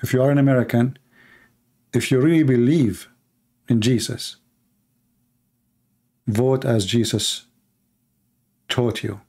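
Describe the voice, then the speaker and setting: Speaking slowly with long pauses, a man with a mellow, mid-range voice and fairly even intonation preaches a fiery political sermon. He is a Christian preacher from the Middle East with an Arabic accent, exhorting emphatically and repetitively in short punchy lines.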